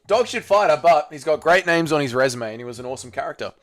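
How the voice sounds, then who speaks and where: Lively, excitable Australian young man streamer. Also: fairly high pitch, quick pace, no room sound, studio quality. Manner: excitable, swears freely, reads chat aloud. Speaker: livestream host. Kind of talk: casual livestream watch-along chat.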